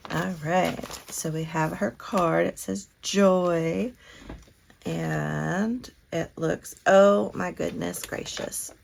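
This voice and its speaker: A woman's voice: lowish voice, gravelly, a little hiss or hum. A woman from Kentucky, chatting casually and gushing as she hosts a crafting unboxing vlog. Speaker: crafting channel host.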